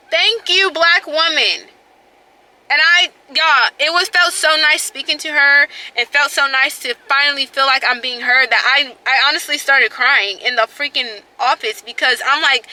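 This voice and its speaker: A woman with a high voice and a very bright, sharp tone tells a story to her vlog camera. She is emphatic and animated, acts out what other people said, and repeats lines to drive them home. Her talk is casual and chatty. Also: moderate pace, poor audio. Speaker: vlogger.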